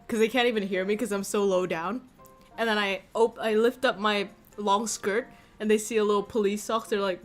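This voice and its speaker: A woman's voice: a little high, a little slow, pauses often, faint music behind. A woman streamer in casual chat who laughs often and swears casually.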